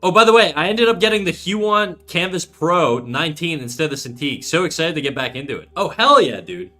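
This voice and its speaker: Male streamer, 30s, slightly high and very bright tone, relaxed and profane chat-reading delivery. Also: fairly quick. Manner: profane, laid-back, reads chat aloud. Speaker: art livestreamer. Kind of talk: casual livestream chat.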